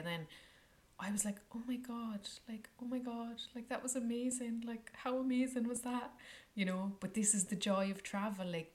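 Gushing woman vlogger, lowish voice. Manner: gushing, enthusiastic, drifts into breathy whispers. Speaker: travel vlogger. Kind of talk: casual travel storytelling to viewers.

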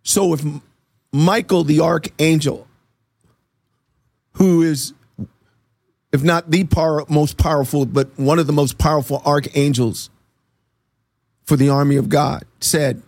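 A man being interviewed who gives an earnest, animated faith testimony and acts out the dialogue in his stories. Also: on the high side, measured pace, creaky, long pauses, no echo. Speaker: interview guest.

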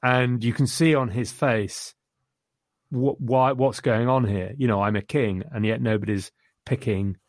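A man's voice: medium pitch, steady tone, unhurried, dry recording, studio quality. A man chatting casually about a film he enjoyed, rambling enthusiastically and quoting lines. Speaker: podcast co-host reviewing a film. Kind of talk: casual chat.

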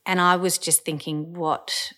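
A woman telling a personal story in the first person, hesitant, with frequent pauses, ums and restarts. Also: low-pitched, a bit bright. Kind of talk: emotional first-person recollection.

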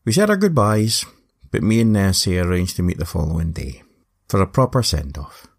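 Scottish male storyteller, low and gravelly, wry and playful. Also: normal speed. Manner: wry, lively, playful asides. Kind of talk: casual storytelling narration.

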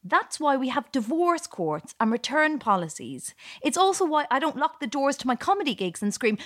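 A woman's voice: high voice, very animated, normal speed, few pauses, a bit bright, dry recording, clean studio sound. A woman comedian hosting a podcast, delivering a sarcastic political monologue and laughing at her own jokes.

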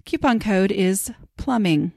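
A woman's voice: medium pitch, expressive, slow, gravelly, darkish tone, no echo, clean studio sound. A woman hosting her podcast in casual chat, rambling and chatty with lots of fillers and restarts. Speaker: podcast host.

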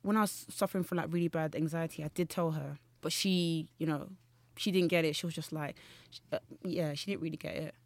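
A woman's voice: sits low, fairly even intonation, a little fast, darkish tone, no room sound. A young woman, chatting as a podcast guest, telling rambling stories and correcting herself as she goes. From Nigeria. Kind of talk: casual chat.

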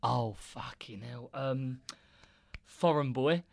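A man's voice: medium pitch, slow, vocal fry, dry recording, clean studio sound. A man telling football stories in casual chat, laughing, swearing and acting out what people said. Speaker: guest storyteller, former footballer.

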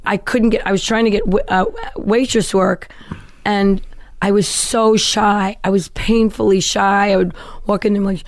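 A middle-aged woman recounts her past as a guest in an interview. Her voice sits at an ordinary pitch and sounds dry and close, with no room around it. She tells the story with energy and slips into the voices of the people she quotes. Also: fairly even intonation, a little slow, dry recording.

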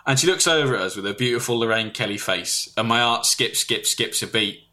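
A man telling a rambling comic story on a podcast, jumping into loud put-on voices for the people in it. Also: mid-range voice, fairly quick. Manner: animated, shouts and squeals when quoting others.

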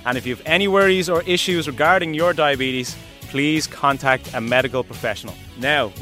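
A man's voice: a little high, moderate pace, few pauses, pushed and bright, faint music behind. Upbeat laughing podcast host man. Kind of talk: casual podcast chat.

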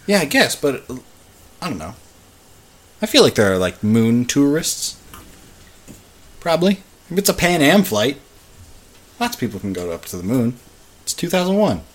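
A man's voice: mid-range voice, sing-song, moderate pace, pauses often. A young man co-hosting a podcast, rambling and joking through a casual movie recap with lots of fillers. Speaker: podcast co-host. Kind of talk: casual chat recapping a film. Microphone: podcast mic.

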